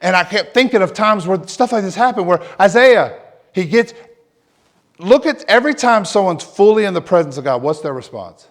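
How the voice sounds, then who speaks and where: A man preaching an emotional personal testimony as a pastor, dropping to near whispers and then rising loud and fervent. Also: high voice, expressive, moderate pace. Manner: emotional testimony, swings from hushed to loud, repeats himself. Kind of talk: sermon.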